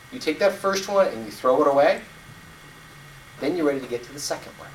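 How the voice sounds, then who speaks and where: A man in his fifties giving a storytelling speech to his club, slow and vivid with deliberate pauses. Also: on the high side, slight background noise. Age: 50s. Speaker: club speaker. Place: meeting room. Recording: echoey room, distant mic.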